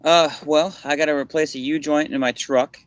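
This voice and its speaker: A man's voice: fairly high pitch, fairly even intonation, moderate pace. A man co-hosting a podcast over a video call, answering with short, dry remarks. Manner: laconic, dry one-liners. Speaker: podcast co-host. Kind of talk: casual video chat. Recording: dull lo-fi video call audio.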